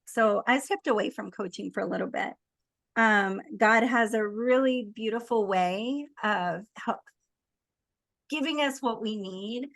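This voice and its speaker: Middle-aged woman guest, gravelly voice, reflective and unhurried, dry sound. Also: on the high side, a bit bright, no echo. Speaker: guest coach. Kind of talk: conversational interview.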